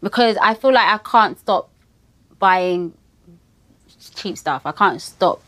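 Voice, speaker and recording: A woman's voice: mid-range voice, expressive, takes it slowly, a bit bright, no echo. A British woman answering questions in a documentary, talking casually and hesitantly with many fillers. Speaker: interviewee. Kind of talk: candid documentary interview.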